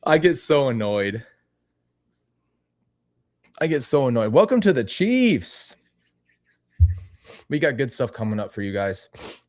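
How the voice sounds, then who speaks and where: Male channel host, casual livestream chat, rambling and animated. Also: mid-range voice, a little slow, long pauses.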